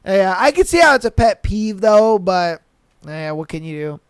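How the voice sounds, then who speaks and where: Slangy, animated podcast host, dry close sound. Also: medium pitch, moderate pace, smooth, no room sound. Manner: animated, swears freely, acts out customers; loose slangy talk with many fillers. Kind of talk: casual commentary on reader posts.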